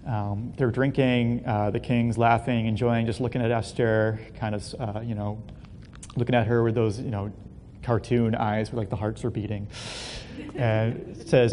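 A man telling a Bible story as a relaxed, casual lesson, full of fillers and joking asides. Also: normal speed. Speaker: Bible teacher. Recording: long hall reverb, faint rumble.

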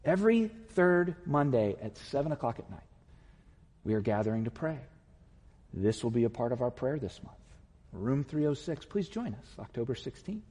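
A male pastor giving an impassioned sermon, building to loud, emphatic peaks. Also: mid-range voice, big pitch swings, moderate pace, big-room sound. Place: church sanctuary.

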